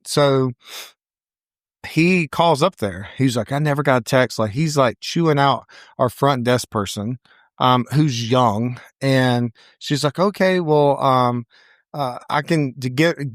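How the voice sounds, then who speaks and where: A middle-aged man, a salon owner who co-hosts a podcast, tells an animated story in a relaxed chat, slipping into quoted voices along the way. His voice sits at an ordinary middle pitch and moves a little slowly, recorded close and dry with no room sound.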